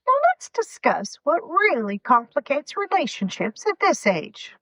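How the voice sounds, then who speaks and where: A woman's voice: high-pitched, big pitch swings, unhurried, few pauses, bright, forceful tone, no room sound. A woman in her fifties with a Southern US accent, hosting a sarcastic comedic monologue and slipping into mock quotes as she tells her stories. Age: 50s. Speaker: podcast host.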